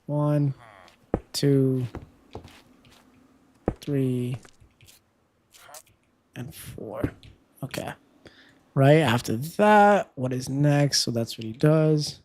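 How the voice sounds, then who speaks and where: A live streamer chatting casually with viewers while playing, counting steps aloud and breaking into loud, dismayed outbursts when things go wrong. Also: medium pitch, drawn-out words, long pauses, slight background noise.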